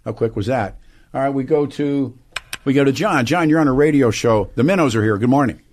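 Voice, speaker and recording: A man's voice: medium pitch, a little fast. A man hosting a radio talk show, chatting casually with callers and guests and laughing often.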